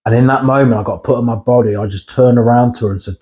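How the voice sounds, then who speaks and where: Speaking fast in a steady, mid-range voice with a dark tone, a man recounts his life as an interview guest. He's blunt and frank, drops the occasional swear word, and keeps asking the listener "right?"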